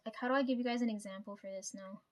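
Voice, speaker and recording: A young woman vents about her family in a casual personal vlog, swearing heavily and tacking "right?" onto her lines for viewers. Her mid-range voice races along with fairly even intonation.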